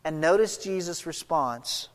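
A woman's voice: expressive, unhurried. Woman preaching in a reverberant hall. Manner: swings between loud emphatic stretches and quiet low passages; expository, walks through a scripture passage verse by verse. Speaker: pastor. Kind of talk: sermon.

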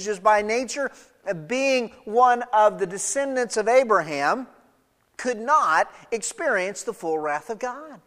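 A man's voice: high-pitched, a bit bright. A man preaching an expository sermon, emphatic, reading scripture aloud and explaining it. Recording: long reverb of a large hall.

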